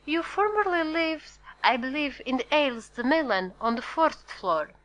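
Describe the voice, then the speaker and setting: A woman reading an audiobook, voicing a grave male priest with an Italian accent who asks measured, probing questions. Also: high voice, expressive, a bit bright, voice pushed up.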